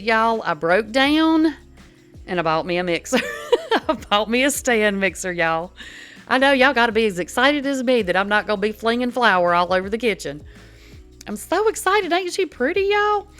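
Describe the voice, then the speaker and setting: A woman's voice: mid-range voice, a bit bright. An older woman, hosting a casual home cooking demo in her kitchen, folksy and chatty. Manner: chatty, folksy, says y'all a lot. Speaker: cooking channel host.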